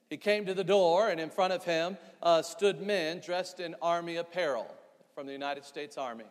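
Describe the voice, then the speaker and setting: A middle-aged man preaching a sermon in a church, reading scripture, praying, then building to loud, slow, emphatic preaching. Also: on the high side. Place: church sanctuary. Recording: long church reverb.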